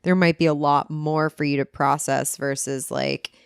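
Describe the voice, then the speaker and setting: Supportive woman co-host, smooth and lowish. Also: fairly even intonation, normal speed, no room sound, studio quality. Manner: supportive, thinks aloud with many "like"s. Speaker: podcast co-host. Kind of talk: casual podcast conversation.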